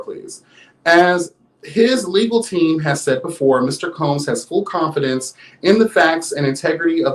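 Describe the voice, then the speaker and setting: A man's voice: on the high side, reverberant. A man hosting a livestream gossip show, sassy and flamboyant, reading news with his own commentary. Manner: sassy and flamboyant, peppered with interjections; reads news aloud with commentary. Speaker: host.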